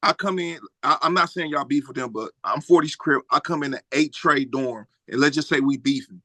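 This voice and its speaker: A man's voice: on the high side, brisk, sharp tone, no room sound. A man hosting a podcast in a casual interview, asking eager follow-up questions. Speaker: podcast host.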